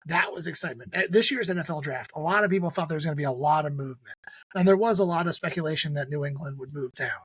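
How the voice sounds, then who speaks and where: A man co-hosting a podcast, talking sports and wrestling in a lively, joking way. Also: a little high, fast, breathy edge, dry recording. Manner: animated, jokey wrestling fan talk. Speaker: podcast co-host. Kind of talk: casual chat.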